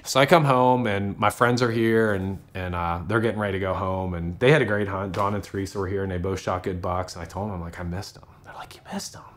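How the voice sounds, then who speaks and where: A man's voice: low voice, fairly even intonation, fast, hardly any pauses, slight background noise. A man telling a hunting story in an interview, talking conversationally, quoting himself and his friends and repeating words as he goes.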